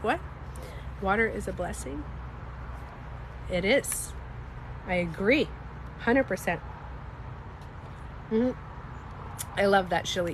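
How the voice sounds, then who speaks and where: A woman with a slightly stuffy nose, chatting casually on a livestream. She talks in an animated, emphatic way, swears freely and speaks to her viewers. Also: mid-range voice, slight background noise. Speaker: livestreamer and beauty coach.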